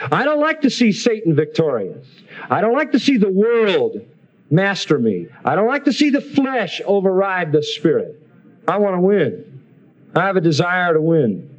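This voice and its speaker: A man teaching the Bible as a preacher, slowing down for emphatic scripture quotes and rushing through casual asides. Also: sits high, lo-fi sound. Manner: lively preaching, swings between slow emphatic quotes and quick asides. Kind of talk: sermon.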